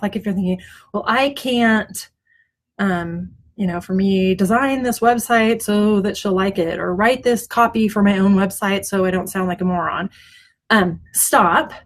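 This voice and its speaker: A middle-aged woman talking to camera from home, casual and encouraging, with lots of ums and restarts. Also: medium pitch. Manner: chatty, warm-hearted, many ums and restarts; often glances at her notes. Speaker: web designer hosting a weekly mindset video. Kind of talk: casual self-help talk to camera. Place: at home, front yard noise outside.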